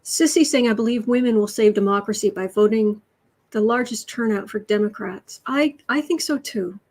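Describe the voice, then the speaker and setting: Casual American woman host, slightly raised pitch, breathy edge, exasperated reactions to headlines. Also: normal speed, darkish tone. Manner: exasperated, reads headlines aloud, coos to her cat. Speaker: livestream host. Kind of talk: casual political livestream chat.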